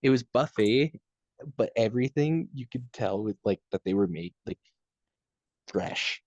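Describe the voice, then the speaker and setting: A man's voice: fairly low pitch, expressive, unhurried, darkish tone, no room sound, lo-fi sound. A young Canadian man with a Canadian accent, co-hosting a podcast and telling stories in a laid-back way, dropping "dude" often. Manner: laid-back storytelling, lots of "dude" and laughter. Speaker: podcast co-host. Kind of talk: casual chat.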